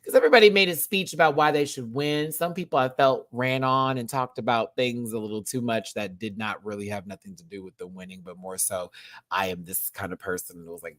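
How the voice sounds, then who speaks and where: A woman chatting in a live review of a show, animated and gushing, laughing often. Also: very deep voice, brisk.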